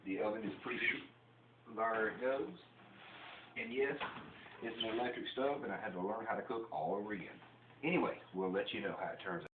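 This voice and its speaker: A man's voice: lowish voice, brisk. A man with a Southern US accent, rambling and joking while he shows home cooking on his own channel. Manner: folksy, rambling, jokey. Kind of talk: casual kitchen demonstration. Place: home kitchen. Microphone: camera mic. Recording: tinny, echoey kitchen, faint noise.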